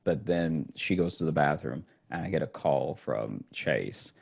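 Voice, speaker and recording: A man's voice: a bass voice, lively intonation, measured pace, vocal fry, slightly rough. A man casually telling a funny story in conversation, acting out quotes and laughing as he goes. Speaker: storyteller guest.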